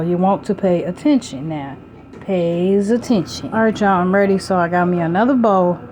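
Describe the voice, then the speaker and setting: Chatty woman hosting her cooking vlog, mellow tone, soft room noise behind. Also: medium pitch, low-quality recording. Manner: excited, chatty, addresses viewers as y'all. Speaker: cooking channel host. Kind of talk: casual cooking vlog talk. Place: home kitchen.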